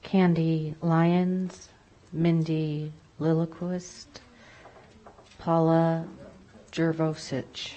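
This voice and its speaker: A woman slowly reading out a list of speaker names, halting and unsure on their pronunciation. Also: sits low, level tone, mellow, highs cut off.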